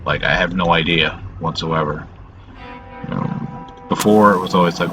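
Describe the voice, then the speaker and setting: A man hosting a casual confessional vlog, weary and subdued, talking haltingly with lots of "you know" fillers and frequent swearing. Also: deep voice, music in the background, rough recording. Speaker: channel host.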